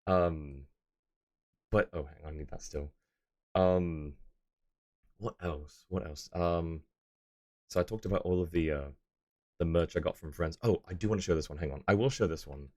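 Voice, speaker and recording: A man's voice: low-pitched, normal speed, pauses often, darkish tone. A young man streaming live, chatting casually and rambling as he answers his viewers' messages.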